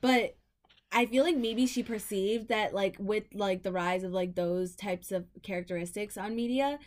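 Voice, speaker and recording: A woman's voice: mid-range voice, normal speed. A young woman talking casually and a little hesitantly, filling her speech with "like" and "um". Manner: hesitant, lots of "like", warm about her mom. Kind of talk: casual chat.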